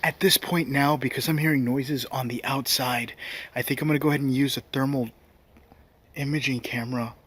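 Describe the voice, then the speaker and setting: A man's voice: mid-range voice, a bit bright, husky. A man exploring a forest at night with a camera, talking tensely and often in a whisper. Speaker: paranormal investigator.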